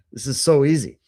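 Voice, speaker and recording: A man's voice: medium pitch, dark tone. A man hosting a live stream, giving casual commentary with sarcastic, mocking asides. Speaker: livestream host.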